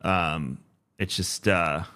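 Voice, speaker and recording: A man in his thirties co-hosting a podcast in casual chat, relaxed and halting, with many fillers. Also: sits low. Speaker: podcast co-host.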